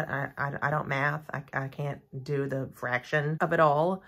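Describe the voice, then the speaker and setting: Her voice sits low and sounds gravelly. As a nail content creator, she unboxes and reviews nail gear in a casual, chatty way, gushing over the product and drifting into rambling asides.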